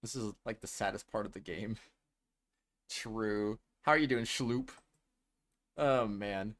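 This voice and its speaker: A man's voice: fairly low pitch, takes it slowly, fairly bright tone. A man casually commenting while streaming a role-playing game, playful and chatting with viewers. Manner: playful, chatty, reacts to chat. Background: game music.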